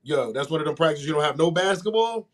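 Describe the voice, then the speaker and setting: A man co-hosting a podcast, telling a story in casual chat and acting out the people in it. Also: fast. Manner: animated, acts out quoted voices with big pitch jumps. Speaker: podcast co-host.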